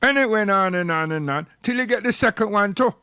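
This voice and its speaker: High-voiced man ranting on a livestream. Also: expressive, a little fast, sharp tone, smooth, no echo, clean studio sound. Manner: preachy, scolding, rambling. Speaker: livestream commentator. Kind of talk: impassioned livestream monologue.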